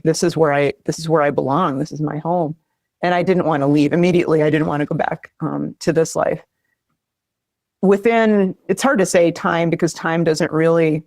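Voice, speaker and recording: A woman's voice: sits low, darkish tone, no room sound, clean studio sound. A woman earnestly recounting a near-death experience, often searching for words. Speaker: guest telling a near-death story. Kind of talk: emotional personal testimony.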